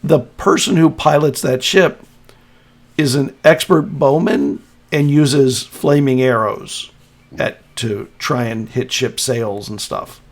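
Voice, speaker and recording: A man in the middle of his range runs a tabletop game as game master. He describes scenes in a loose, halting way, restarting phrases as he goes. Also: medium pitch.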